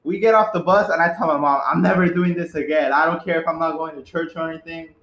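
A man's voice: on the high side, steady tone, fast, a bit bright. A young man telling an embarrassing story among friends, laughing as he goes. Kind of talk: casual storytelling chat. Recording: echoey room.

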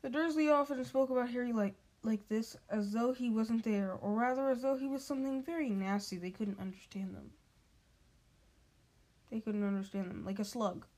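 A woman with a high voice reads a storybook aloud. She stumbles often and restarts words and phrases as she goes. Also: steady tone, moderate pace, a little mellow.

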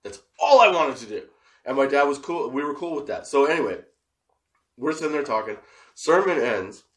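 A man's voice: mid-range voice, expressive, normal speed. A man in his forties telling a comic personal story, laughing often and swearing between rambling asides.

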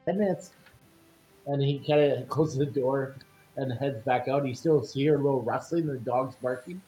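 A man's voice: medium pitch, fairly even intonation, normal speed, dark tone, faint music behind, rough recording. A man running a tabletop game, narrating in a casual, chuckling way.

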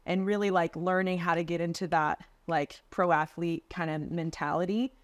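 A woman's voice: lowish voice, steady tone, moderate pace, no echo. A young woman guest on a podcast, telling stories from her sales work in a casual, chatty way full of "like" and "dude", acting out what people said. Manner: chatty, lots of "like" and "dude", acts out quotes. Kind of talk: casual interview storytelling. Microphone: video call.

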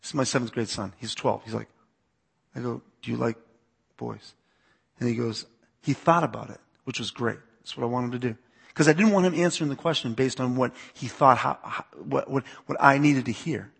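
A man's voice: mid-range voice, fairly quick, creaky, fairly bright tone, breathy edge. A youth pastor in his forties who grew up on the US East Coast, giving a talk to a church audience in a conversational manner, repeating words and asking listeners to raise their hands.

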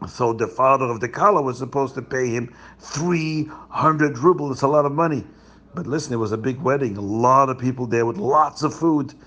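A man telling a story to children in an animated way, asking his listeners questions. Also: medium pitch, moderate pace.

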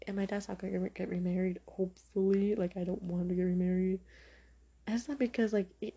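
A young woman talks through her opinions on a casual solo podcast. Her voice is mellow and a little husky, and she speaks bluntly, with plenty of "like" and "you know." Her pitch sits in the middle of the range. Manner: frank and opinionated, many fillers. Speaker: podcast host.

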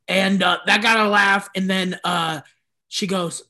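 A male stand-up comedian telling heckler stories in casual chat, animated and swearing, often breaking into laughter. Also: high voice, normal speed.

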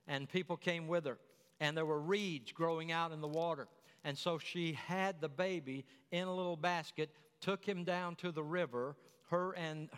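A man's voice: a little high, fairly bright tone, smooth, big-room sound. A man preaching a sermon, telling the story in a folksy way with chatty asides.

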